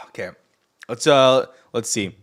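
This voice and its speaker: A man's voice: medium pitch, slow pace, fairly bright tone. A man hosting a casual live market chat from home, rambling and joking in a boastful, teasing way. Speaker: livestream host.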